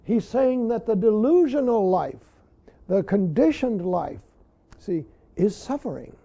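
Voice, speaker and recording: Guy giving a zen dharma talk, high voice with a gravelly edge, keeps saying "see". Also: lively intonation, mellow. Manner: repeats "see" often, emphatic pauses. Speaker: Zen teacher.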